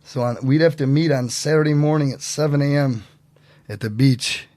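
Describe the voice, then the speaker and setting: A man telling stories as a podcast guest in a casual, animated way, acting out what other people said. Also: mid-range voice, moderate pace, dry recording, clean studio sound. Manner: animated, acts out quotes in voices. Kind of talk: casual storytelling.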